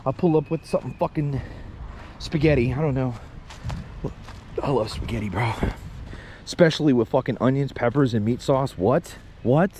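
A man's voice: mid-range voice, moderate pace, pauses often, mellow, a little hiss or hum. A man vlogging outdoors, joking crudely, rhyming on the fly and talking to himself as he explores. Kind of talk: casual off-the-cuff vlog with freestyle rhymes. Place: outdoors in an open area.

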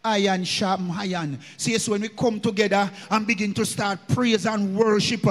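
A man's voice: high voice, fairly even intonation, moderate pace, long reverb tail. A man with a Jamaican accent preaching a sermon in a church, slipping into patois and chanting his lines in a sung cadence. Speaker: minister.

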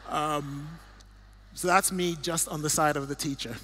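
A man's voice: fairly high pitch, steady tone, a little slow. Earnest storytelling Nigerian-born man. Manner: earnest, warm storytelling with restarts. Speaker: guest speaker. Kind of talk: church talk with slides.

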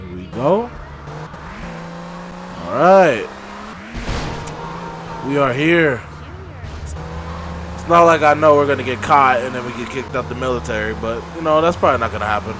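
A man doing casual let's play commentary, loud, profane and joking. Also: medium pitch, lively intonation, normal speed, pauses often, noisy background. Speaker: gameplay commentator.

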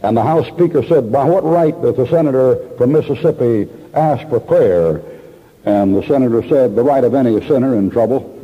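A man's voice: mid-range voice, normal speed. A male preacher, telling folksy anecdotes in an emphatic sermon full of repetition. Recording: dull old sermon tape in a reverberant hall.

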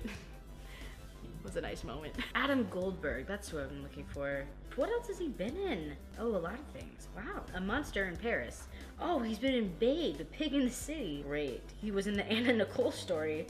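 A young woman with a mid-range, fairly bright voice and big pitch swings talks at normal speed over faint background music. As a film reaction host, she recaps a movie she just watched in a chatty, self-deprecating way, giggling often and acting out lines.

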